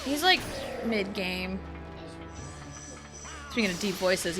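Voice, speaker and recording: A high, lively woman's voice that bounces up and down in pitch as she chats unhurriedly and giggles through a gaming livestream. She gushes about her favourite characters, with game music playing clearly underneath. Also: measured pace. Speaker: streamer. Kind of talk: casual gaming livestream chat.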